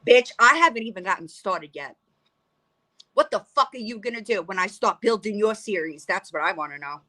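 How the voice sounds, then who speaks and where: In an angry reaction vlog, a woman speaks briskly in an expressive, bright, forceful mid-range voice. She rants with heat and profanity, addressing someone head-on.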